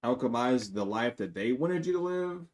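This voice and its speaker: A man giving a live-streamed tarot reading to his viewers. He is blunt and profane, and he swings between loud outbursts and low muttering asides. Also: animated, moderate pace. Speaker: tarot reader.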